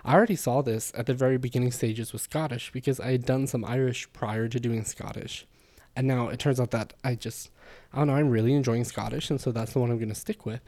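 A man's voice: mid-range voice, steady tone, fairly quick, darkish tone. A man hosting a language-learning podcast, talking in a chatty, explanatory way with frequent fillers. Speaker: podcast host. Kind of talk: casual spoken podcast monologue.

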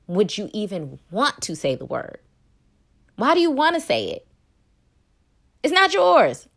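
A woman's voice: lowish voice, a bit bright. A woman hosting an opinionated commentary show, talking in a sassy, blunt and scolding way. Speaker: host.

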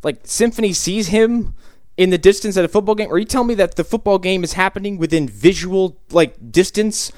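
A man's voice: high voice, brisk, a little mellow, no echo, clean studio sound. A man chatting casually about a movie, incredulous and swearing, often laughing. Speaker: podcast co-host. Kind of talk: casual movie review chat.

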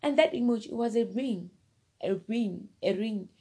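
A woman's voice: fairly high pitch, moderate pace, warm tone, husky. A woman casually telling a personal story, rambling and repeating herself, often turning to the listener directly. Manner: rambling, repeats phrases and fillers.

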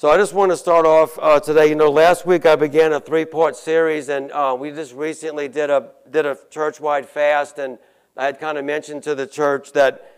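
A man preaches to his congregation in an earnest, searching way, stumbling and restarting as he goes. His voice sits a little high for a man and sounds smooth and resonant. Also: level tone, faint music behind. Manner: earnest, halting with frequent restarts. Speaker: pastor. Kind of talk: sermon.

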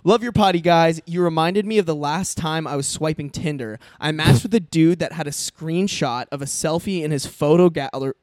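Young male podcast co-host, crude and jokey, slightly high voice, dry close mic. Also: moderate pace, hardly any pauses, no echo. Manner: crude, joking, laughs often. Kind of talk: casual podcast banter.

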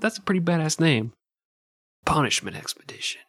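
A man's voice: mid-range voice, brisk, dry recording, studio quality. Sarcastic man bantering on a podcast. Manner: sarcastic, profane. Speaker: podcast co-host. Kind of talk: casual comedic banter.

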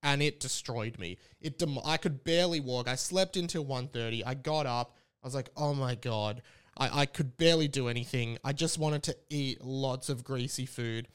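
An Australian man in his late twenties telling a casual, rambling story as a podcast host. He is animated and swears freely. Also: mid-range voice, normal speed, few pauses, clear, resonant tone. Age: late 20s.

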